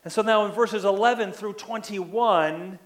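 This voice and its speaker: Slow-speaking earnest male preacher. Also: high voice, a bit bright. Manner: earnest, repeats words when pressing a point. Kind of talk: sermon.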